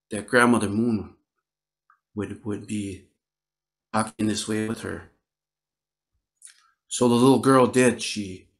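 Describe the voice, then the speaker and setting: A man from Northern Wisconsin telling a traditional story aloud, slow and gentle, with repetitions and pauses. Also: fairly low pitch. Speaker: Ojibwe storyteller. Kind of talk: oral storytelling. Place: online virtual event.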